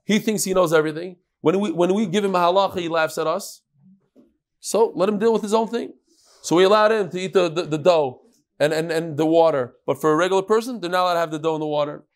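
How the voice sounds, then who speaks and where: A man teaching a Talmud lesson in an animated way, acting out the sages' exchanges and mixing in Hebrew and Aramaic terms. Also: high-pitched, fast.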